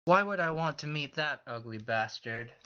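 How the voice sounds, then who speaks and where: A man's voice: a little high, expressive, normal speed, bright, forceful tone, clean tone, dull audio. A man playing in a tabletop game, blunt and cocky. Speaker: player.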